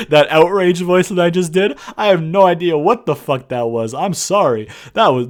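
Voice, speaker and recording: A young man with a fairly high voice rants through a casual show review. He rambles, restarts his sentences and swears freely. His tone is exasperated throughout.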